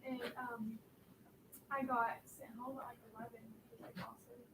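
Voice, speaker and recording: A woman's voice: fairly high pitch, little pitch movement, normal speed, echoey room. A woman sharing in a group, emotional and tearful, speaking casually with many fillers. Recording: distant mic with background noise.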